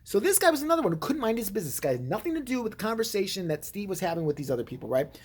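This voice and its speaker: A woman's voice: mid-range voice, big pitch swings, racing, slightly rough. A woman vlogger giving blunt, heated, profane commentary and telling a story.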